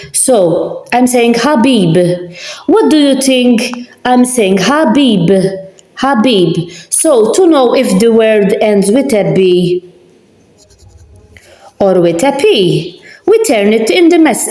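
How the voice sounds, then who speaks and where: Slow, patient woman teaching in an echoey room. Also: a little high, sing-song, mellow. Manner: patient, repeats words slowly and deliberately. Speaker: language teacher. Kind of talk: slow spelling lesson with examples.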